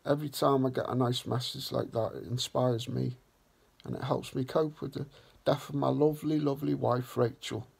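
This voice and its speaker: A man hosting a vlog, talking slowly and earnestly in a reflective way. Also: medium pitch, steady tone, creaky, a little mellow, breathy edge. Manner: slow, earnest and heartfelt. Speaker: vlog host.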